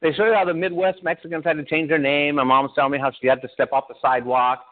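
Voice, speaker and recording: A pastor from Southern California giving an animated personal testimony, often laughing as he tells it. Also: a little high, quick pace. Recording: tinny phone-like sound.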